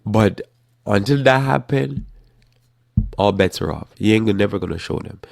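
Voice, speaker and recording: Animated male Bible teacher, deep and creaky, breaks into loud acted-out outbursts. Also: moderate pace, no echo, clean studio sound. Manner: animated, acts out scenarios with sudden loud bursts. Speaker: Bible teacher hosting a live talk program.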